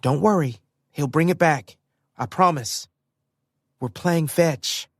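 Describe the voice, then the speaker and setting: Guy putting on a high shouty young woman, impulsive, in a storybook reading. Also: slow pace, dry recording, studio quality, full character voice. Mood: reassuring. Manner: shouting, pleading.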